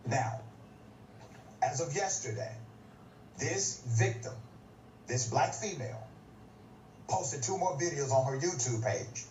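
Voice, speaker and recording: A man's voice: fairly high pitch, expressive, slow pace, long pauses, darkish tone, a little hiss or hum. A man giving emphatic commentary and posing pointed questions to viewers, played as a clip. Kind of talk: scripted commentary. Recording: roomy, distant, dull clip.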